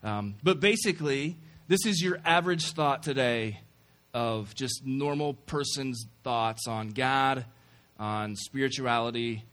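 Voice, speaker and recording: A man's voice: medium pitch, unhurried, few pauses, fairly bright tone. A man giving a casual, joking sermon to a campus group after an opening prayer. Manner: conversational and joking, self-deprecating asides. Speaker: campus ministry speaker.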